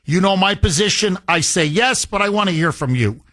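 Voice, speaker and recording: Fired-up radio host guy, high voice swinging all over, hammers his points with repeats. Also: animated, a little fast, a bit bright. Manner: impassioned, combative, repetitive rhetoric. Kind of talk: talk radio monologue.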